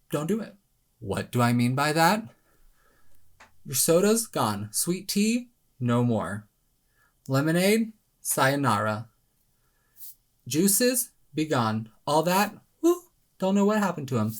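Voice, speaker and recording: Guy vlogging his weight loss tips, chatty and dramatic, pitch jumps way up when he's hyping stuff. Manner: animated and self-mocking, dramatic pitch jumps. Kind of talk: casual talking-to-camera advice.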